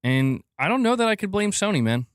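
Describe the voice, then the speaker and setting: A man's voice: sits high, a little fast, smooth, no room sound, clean studio sound. A man hosting a gaming news live stream, chatting casually and reading viewer comments. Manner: animated, talks to chat, reads comments aloud. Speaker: podcast host.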